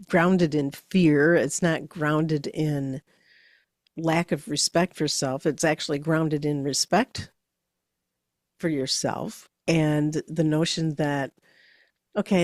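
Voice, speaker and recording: A woman with a very low voice co-hosts a podcast, talking slowly and thinking aloud. She halts and searches for her words, and the close recording has no room sound. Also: a little mellow, dry recording. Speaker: podcast co-host. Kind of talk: casual podcast conversation.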